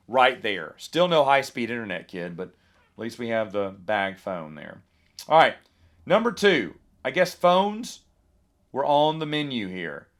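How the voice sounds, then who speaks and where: A man in his forties hosting a podcast, telling rambling nostalgic stories in a casual monologue with lively asides. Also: medium pitch. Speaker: podcast host.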